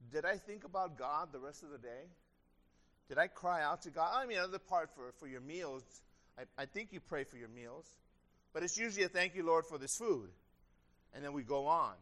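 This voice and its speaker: High-voiced man preaching earnestly. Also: animated, a little fast, sharp tone. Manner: earnest, conversational preaching with rising emphasis. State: slightly strained throat. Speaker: pastor. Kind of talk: sermon.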